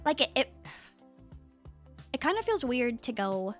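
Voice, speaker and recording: A young woman streamer talks casually to her chat over a condenser mic. Her voice sits high and very lively, rising into excited near-yells and dropping to low, quiet murmurs. Faint music plays underneath. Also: unhurried, long pauses. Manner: animated, swings between high excited and low quiet tones.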